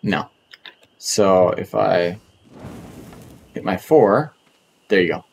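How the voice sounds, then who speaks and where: A man's voice: deep voice, animated, a little slow, vocal fry, long pauses, a little hiss or hum. A man from North America giving casual commentary as he streams a survival game, chatting to himself and to the creatures and often repeating words. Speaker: gaming streamer.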